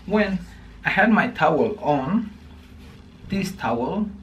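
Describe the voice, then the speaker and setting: Slow, halting man vlogging at home. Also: on the high side, lively intonation, fairly bright tone, lo-fi sound, slight background noise. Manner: slow, halting and repetitive, swears often. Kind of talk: casual vlog monologue. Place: home bedroom.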